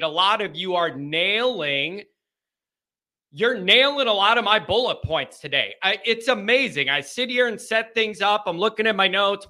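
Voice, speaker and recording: A man's voice: high-pitched, sharp tone. A man hosting a live fan call-in show, talking in a rambling, jokey, self-mocking way. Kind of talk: casual live-stream chat.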